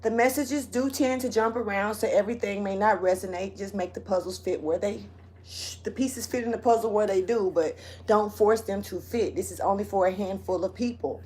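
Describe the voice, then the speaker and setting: A woman's voice: mid-range voice, darkish tone. A woman giving a casual monthly astrology reading as a tarot reader, laid-back and rambling, laughing often.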